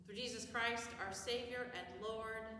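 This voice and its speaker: A woman leading a liturgical prayer in a church, slow and measured. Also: a little high, fairly even intonation, noisy background. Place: church sanctuary. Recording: echoey hall from far off.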